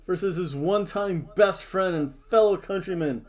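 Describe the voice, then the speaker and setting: A man's voice: sits high, moderate pace, a little mellow. A man hosting a casual wrestling predictions chat, jokey and theatrical, hamming up wrestler introductions. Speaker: wrestling show host.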